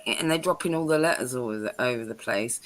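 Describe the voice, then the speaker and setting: A woman's voice: very deep voice, quick pace. A woman with a London accent, chatting casually and animatedly on a livestream, swearing and laughing often. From London, England. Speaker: livestream host. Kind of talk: casual chat. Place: home, livestream.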